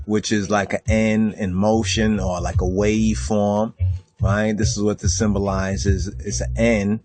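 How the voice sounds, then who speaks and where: Low voice guy lecturing over a screen share, keeps going "right?", dry close sound. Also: dry recording. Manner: says "right?" constantly, repeats words; Rastafari speech, says "I and I". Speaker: teacher.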